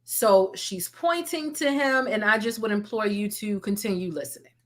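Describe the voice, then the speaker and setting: A woman's voice: mid-range voice, moderate pace, fairly bright tone. A woman hosting a gossip commentary show, talking in a sassy, playful, drawling way. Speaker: commentary host.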